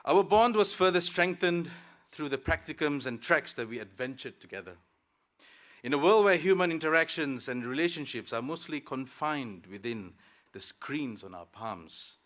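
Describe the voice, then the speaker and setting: Bright-voiced man giving graduation speech. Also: a little high. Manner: formal delivery with light jokes. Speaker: student speaker at graduation. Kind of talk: prepared convocation speech. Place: graduation ceremony.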